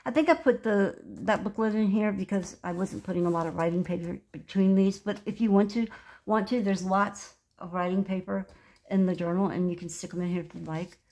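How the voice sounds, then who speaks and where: A woman in her sixties talks through her handmade journal in a relaxed show-and-tell. She gushes over every page and wanders off on side thoughts. Her pitch sits in an ordinary middle range. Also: brisk. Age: 60s. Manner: gushing, chatty, meandering. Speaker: craft vlogger. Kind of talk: casual craft show-and-tell.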